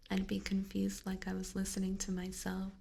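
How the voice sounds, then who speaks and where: Giggly whispering woman, slow and gravelly. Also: medium pitch, mellow. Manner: giggly, rambling with many fillers. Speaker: ASMR streamer. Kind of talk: soft-spoken, whispered ASMR stream chat. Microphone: binaural ear microphone.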